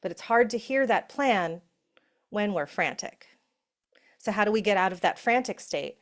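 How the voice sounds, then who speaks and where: A middle-aged woman giving a conversational motivational talk, often asking "right?" and slowing into soft, hushed affirmations. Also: medium pitch, animated. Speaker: summit speaker. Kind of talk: motivational talk on breath and safety.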